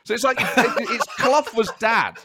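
A man's voice: extremely high pitch, moderate pace, a little hiss or hum. A man from Nottingham chatting casually on a podcast, telling stories with lots of laughter. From Nottingham, England. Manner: animated storyteller, laughs often. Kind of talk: casual chat.

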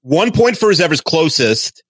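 A man's voice: fairly high pitch, very animated, a little slow, fairly bright tone, breathy edge, no echo. A man co-hosting a podcast in casual banter, eagerly proposing ideas. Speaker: podcast co-host and contestant.

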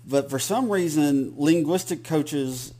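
A man's voice: a little high, takes it slowly, mellow. A man with a Southern accent, co-hosting a podcast in casual, rambling chat with many restarts. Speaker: podcast co-host.

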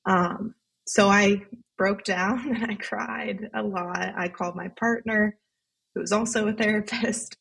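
A woman's voice: mid-range voice, steady tone, measured pace, vocal fry, fairly bright tone, breathy edge. A woman therapist, a podcast guest, talking candidly and reflectively about her own experience, laughing easily as she goes. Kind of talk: candid casual conversation.

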